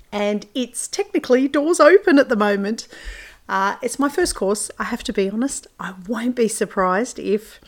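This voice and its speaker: Casting note: woman, solo podcast host, casual and chatty, mid-pitched, loose and unscripted. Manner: chatty, informal, many fillers.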